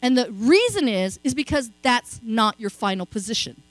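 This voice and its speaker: A middle-aged woman preaches a sermon as conversational storytelling, frequently checking in with her listeners with "okay?" asides. Her voice sits on the high side with big pitch swings at a moderate pace, in a low-quality recording without echo.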